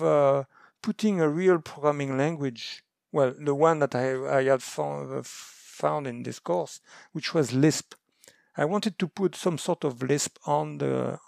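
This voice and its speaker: A man's voice: a little high, gravelly, a little mellow, dry recording, clean studio sound. A middle-aged man from France, guest on a remote interview, talking hesitantly with many fillers and restarts. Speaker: guest researcher. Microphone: remote call mic.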